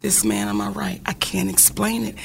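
A woman hosting a podcast, telling a story in an animated, casual way and swearing freely. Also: on the low side, normal speed, gravelly, a little hiss or hum. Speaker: podcast host.

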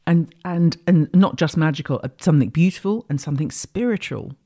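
Her voice is deep and warm, with lively intonation and a fairly quick pace. As an astrology podcast host, she delivers a casual spiritual monologue that wanders reflectively and restarts often.

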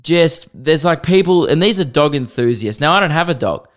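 A man's voice: fairly high pitch, lively intonation, moderate pace. A young man hosting a comedic solo podcast, ranting sarcastically and swearing often. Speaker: podcast host.

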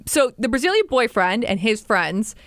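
A woman in casual podcast chat, talking in quick tangents with many fillers. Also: a little high, very animated, fairly bright tone, no echo, clean studio sound.

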